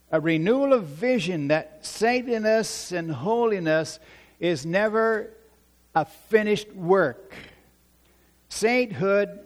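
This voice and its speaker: A man preaching a sermon in a church, slow and emphatic, repeating key phrases for stress. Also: on the high side. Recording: long reverb of a large hall.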